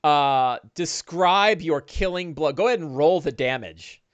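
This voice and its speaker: A man narrating a one-on-one tabletop game as dungeon master, animated, with quick bursts and restarts. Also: on the high side, dry recording, lo-fi sound.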